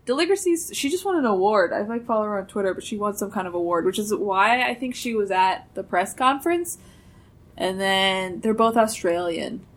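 Young female co-host, mid-pitched, chatty and deadpan, loose delivery. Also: moderate pace. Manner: chatty, deadpan teasing, frequent "like". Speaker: podcast co-host. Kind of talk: casual chat.

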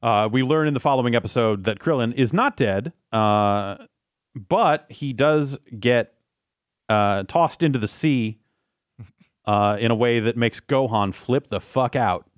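A man co-hosting a casual anime recap chat, rambling with restarts and swearing, slipping into quick quoted lines. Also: medium pitch, dry recording, studio quality. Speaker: podcast co-host.

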